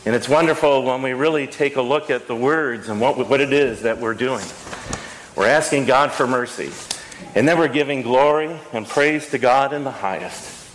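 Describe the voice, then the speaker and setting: A man's voice: medium pitch, normal speed, a bit bright, slight background noise. A man leading a church service, reading liturgy and prayers and speaking casually to the congregation in between. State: out of breath. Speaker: pastor. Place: church sanctuary. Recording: long church reverb, faint ambience.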